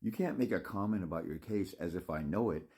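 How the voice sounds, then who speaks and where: A man's voice: sits low, brisk, a little mellow. A man ranting to his viewers in a blunt, scolding, profane monologue, rambling with restarts and mocking asides. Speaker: father's rights consultant.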